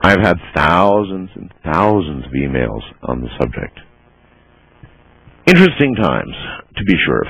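Deep husky guy hosting late night call-in radio, lively up and down, muffled sound. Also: a little slow, pauses often, no room sound. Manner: amused, easygoing, laughs often. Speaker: radio talk show host. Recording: muffled broadcast audio.

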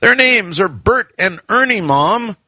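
A man's voice: sits high, lively intonation, measured pace, pushed and bright, no echo, voice pushed up, heavily acted. A man voicing a young boy who pleads urgently about his sick pet lizard. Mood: indignant. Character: whiny outraged young boy, pet owner.

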